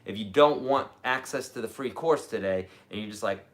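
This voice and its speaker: A man's voice: fairly low pitch, normal speed, few pauses. Chatty middle-aged male guitar teacher. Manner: animated and chatty, often checks in with "okay?". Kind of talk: live-streamed lesson with viewer Q&A.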